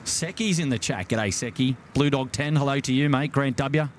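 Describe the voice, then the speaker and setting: A man's voice: medium pitch, moderate pace, a little hiss or hum. Chatty Australian man hosting outdoors. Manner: chatty, greets viewers by name, frequent fillers. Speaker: live stream host. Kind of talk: casual live stream chat. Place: outdoors at night by a waterfront jetty.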